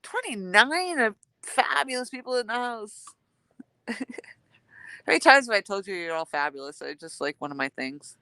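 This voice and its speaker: A woman's voice: mid-range voice, expressive, normal speed, sharp tone, no room sound. A woman hosting a casual live stream outdoors while fishing, chatting and thanking viewers by name. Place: outdoors, fishing in freezing cold.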